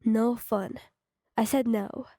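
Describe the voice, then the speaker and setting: A woman's voice: a little high, steady tone, slow pace, vocal fry, warm tone, dry recording, full character voice. Brief: woman narrator voicing irritated schoolgirl, plain read, dry close sound. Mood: annoyed. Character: teenage schoolgirl listener, annoyed and firm.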